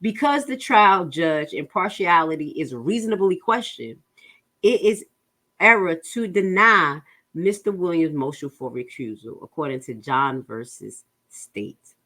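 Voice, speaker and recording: A woman with a New Jersey accent works through a legal filing for her viewers, reading in halting stretches full of fillers and restarts. Her voice sits a little low and she breaks off now and then to talk straight to her audience. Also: expressive, bright, forceful tone. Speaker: legal commentary host.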